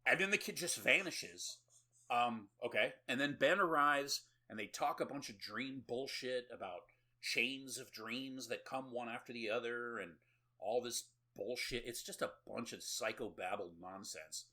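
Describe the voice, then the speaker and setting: A man's voice: mid-range voice, measured pace, sharp tone. A man co-hosting a horror movie podcast, recapping a film in a casual, sarcastic way with swearing and laughing asides. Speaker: podcast co-host.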